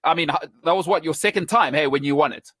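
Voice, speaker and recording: A South African man with a South African accent hosting a sports interview show, excitable and quick to react. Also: fairly high pitch, slightly rough, dry recording. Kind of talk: casual podcast interview.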